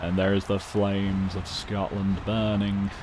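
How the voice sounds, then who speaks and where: A man streaming a wrestling video game, giving chatty, excitable commentary and predictions. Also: low voice, slow pace, noisy background. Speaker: gaming streamer. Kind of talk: casual live-stream commentary.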